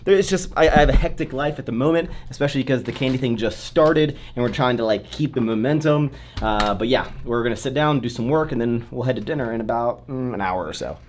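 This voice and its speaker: A man's voice: medium pitch, fast talker, slight background noise. A young man in his twenties, a fitness vlogger talking casually to a handheld camera, upbeat and rambling with plenty of fillers. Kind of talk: casual vlog chat. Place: gym, office and car.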